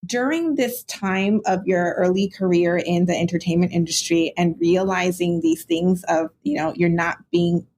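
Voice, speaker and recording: A woman's voice: fairly low pitch, lively intonation, moderate pace, hardly any pauses, darkish tone, slight background noise. A woman hosting a casual interview, asking long, searching questions in a friendly, rambling way. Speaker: podcast host.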